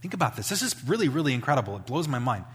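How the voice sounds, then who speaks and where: A male pastor giving a sermon in a conversational, animated storytelling manner, acting out voices as he tells stories. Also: medium pitch, very fast. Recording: long hall reverb.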